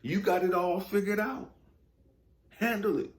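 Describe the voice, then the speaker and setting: A fed-up male God, played by a man who lectures and scolds with coarse language. The voice sits well above the speaker's normal pitch and lands with force. A roomy echo hangs around it. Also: steady tone, measured pace. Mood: exasperated scolding. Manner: raised, lecturing, profane scolding.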